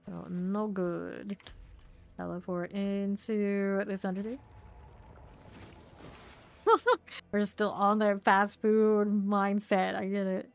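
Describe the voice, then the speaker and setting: A woman's voice: medium pitch, flat delivery, takes it slowly, vocal fry, pauses often. A young woman streaming a game, chatting casually with viewers, answering chat and laughing easily while she plays.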